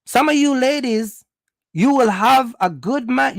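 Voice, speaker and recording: A man's voice: extremely high pitch, unhurried, gravelly, no room sound. A man from Jamaica, giving a blunt, scolding opinion monologue. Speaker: vlogger.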